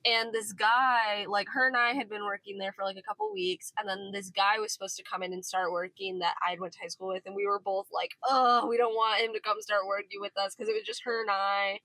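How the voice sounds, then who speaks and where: A woman's voice: mid-range voice, a little fast, hardly any pauses, no echo, rough recording. A woman in her twenties chatting casually in a car, telling a story with lots of acted-out dialogue. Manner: animated, acts out quoted dialogue. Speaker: podcast co-host.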